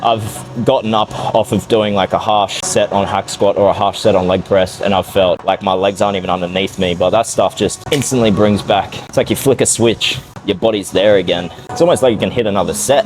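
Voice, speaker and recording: A man with a fairly low voice chats in a hyped, self-amused way, vlogging through a gym workout. Faint music sits in the background. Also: steady tone, a little fast, few pauses, rough recording. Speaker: fitness vlogger. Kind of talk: casual vlog commentary.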